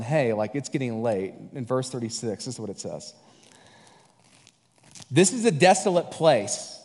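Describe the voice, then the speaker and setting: A man's voice: medium pitch, a little mellow, big-room sound. A man preaching as a guest, in a conversational and jokey way, acting out the disciples' lines. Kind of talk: sermon.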